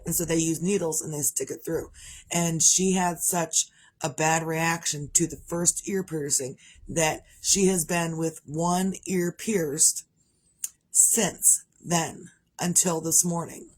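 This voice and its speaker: Middle-aged woman, low-ish voice, candid rambling vlog chatter. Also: fairly even intonation, takes it slowly. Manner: rambling, candid, conversational with frequent restarts. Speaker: parent vlogger. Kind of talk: casual personal vlog monologue.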